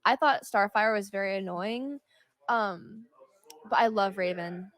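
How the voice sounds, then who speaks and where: A woman chatting casually with friends in a big house, animated and self-deprecating. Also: medium pitch, a little slow. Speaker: guest in a group chat. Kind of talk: casual chat. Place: large echoey house.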